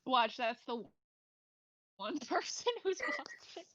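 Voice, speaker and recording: A woman's voice: high-pitched, animated, slow pace, crowd noise. A young adult woman chatting on a livestream, wry and joking. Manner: wry, joking, laughs between lines. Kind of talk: casual chat on a livestream. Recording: dull lo-fi mic.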